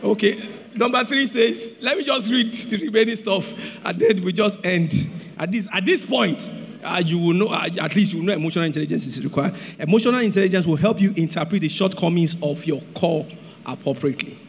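A man preaching a sermon on marriage, animated and sing-song, breaking into shouts. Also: high-pitched, slightly rough. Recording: long hall reverb.

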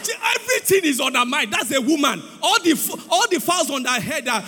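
Male pastor, high-pitched, husky, sing-song shouting sermon, long church-hall reverb. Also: animated, brisk, soft background music. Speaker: pastor preaching on marriage.

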